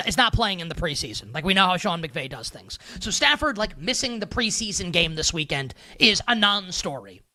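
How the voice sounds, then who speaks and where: A man's voice: high-pitched, sharp tone. A man from the northern United States hosting a sports betting show, talking casually with lots of fillers and sarcastic asides. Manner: rambling, filler-heavy, sarcastic.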